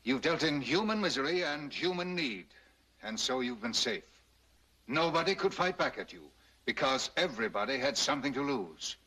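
An actor playing a desperate, wealthy husband in an old film, pleading and then quietly threatening a crooked doctor. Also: male voice, mid-range voice, expressive, normal speed, husky, low-quality recording. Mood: cold, threatening. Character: grieving wealthy husband confronting a baby-selling doctor. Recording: old 1930s film soundtrack.

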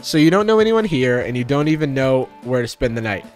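A man's voice: mid-range voice, very animated, fairly quick, a little mellow, faint music behind, natural voice. A man voicing a fussy, proper old-fashioned male professor with formal, slightly pompous phrasing. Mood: prim, fussy.

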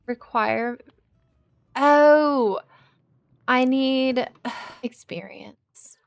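A woman's voice: high voice, fairly bright tone, no echo. A young woman, hosting a casual gameplay let's play, chatty and easily distracted, exclaiming often. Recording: light background music.

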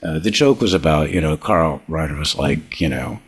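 An older comedy writer, guesting on a podcast, tells rambling show-business stories and laughs often. His voice is a husky, rumbling low, at normal speed, in a casual anecdotal style.

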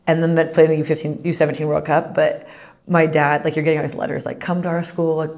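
Fast-talking young woman telling stories. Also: sits low. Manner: animated storyteller, acts out quotes, heavy "like". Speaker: podcast guest, pro soccer player. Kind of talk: casual interview chat.

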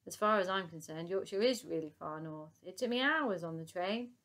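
A woman's voice: lowish voice, normal speed, a bit bright. A woman voicing a fussy, grumbling older lady in a storybook reading, homely in her complaints.

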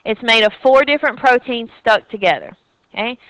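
This Southern US woman teaches anatomy and physiology briskly in a slightly bright, higher voice, chatting and frequently checking in with an "okay?" It's a rough classroom recording without any room sound.

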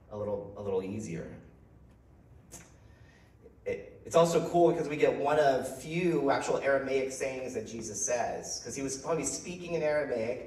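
A man's voice: mid-range voice, a little mellow, distant mic, slight background noise. Male preacher, casual sermon delivery, self-repeating; recorded off-mic in an echoey church hall. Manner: conversational, repeats words as he goes, laughs lightly. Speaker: pastor. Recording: roomy hall sound from off-mic.

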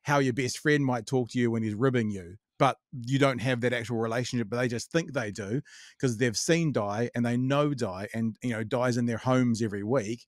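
A man's voice: mid-range voice, moderate pace, dry recording, studio quality. A man hosting a podcast, talking casually and reflectively and summing up what his guest has said. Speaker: podcast host. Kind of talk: casual interview conversation.

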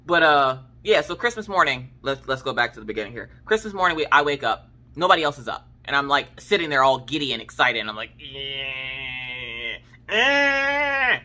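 An extremely low-pitched woman in her thirties speaks at a quick pace while hosting her craft channel. Chatting casually, she relates family stories in lively slang and acts out what her relatives said.

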